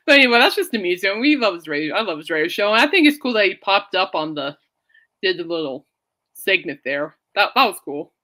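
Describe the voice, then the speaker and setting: A woman's voice: mid-range voice, very animated, brisk, pauses often, sharp tone. A woman hosting a casual podcast, rambling and laughing often as she chats. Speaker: podcast host. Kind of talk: casual chat.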